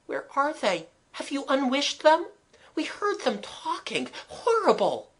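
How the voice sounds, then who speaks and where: A reader doing a hushed, frightened little girl. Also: sits high, wildly swooping pitch, unhurried, pitched above the performer's own voice, exaggerated voice. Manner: hushed, breathless. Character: scared young girl, timid and doubtful.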